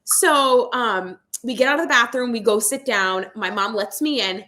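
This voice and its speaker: A young woman talks casually to her viewers, telling a story and acting out what everyone said. Her voice sits a little high. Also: moderate pace, pushed and bright. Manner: chatty storytelling, acts out quotes. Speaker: vlogger. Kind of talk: casual livestream chat.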